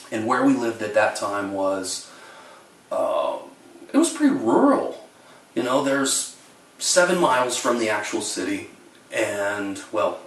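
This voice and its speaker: A man telling funny childhood stories to his camera in a wry, deadpan way. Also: fairly low pitch, far from the mic. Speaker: storyteller. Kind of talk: comic storytelling to camera. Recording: roomy, away from the mic.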